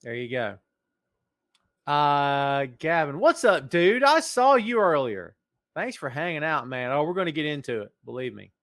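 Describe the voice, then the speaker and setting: A man's voice: a little high, animated, moderate pace, a bit bright, no room sound, studio quality. A man hosting a casual podcast livestream, joking around and greeting viewers in the chat by name. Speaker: podcast host.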